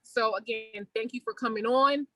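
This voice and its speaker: A woman hosting a podcast interview over a video call, effusive and quick to laugh, saying y'all to her listeners. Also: on the high side, fairly even intonation, a bit bright, dry recording, rough recording. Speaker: podcast host. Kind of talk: casual interview.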